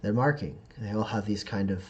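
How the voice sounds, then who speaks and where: A man voicing a calm male priest in a tabletop game, speaking in a measured, placating way. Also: lowish voice, dull audio, pitched below the performer's own voice, lightly acted. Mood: grave.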